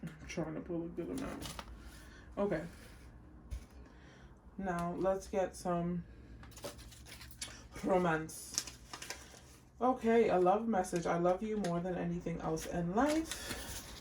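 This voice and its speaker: A woman giving a casual pick-a-card tarot reading, chatty and unhurried as she lists card words one by one. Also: fairly low pitch, a little mellow, slight background noise. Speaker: tarot reader.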